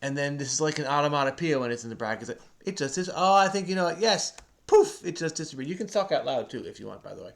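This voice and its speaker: A man's voice: on the high side, expressive, racing, creaky, hardly any pauses, a bit bright. A man hosting a crossword video, patiently and chattily explaining the clues to a child who does the typing. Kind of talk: casual explaining to a kid while solving.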